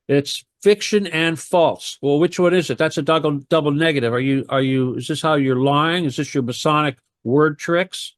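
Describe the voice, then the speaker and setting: A man's voice: fairly high pitch, no echo, studio quality. Heated rambling man on talk radio. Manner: rambling, heated, rhetorical questions. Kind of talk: radio talk show conversation.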